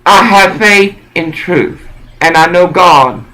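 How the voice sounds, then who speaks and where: A man giving a rambling, preachy monologue in an intense, halting way that circles back and repeats phrases. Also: high voice, sharp tone, rough recording.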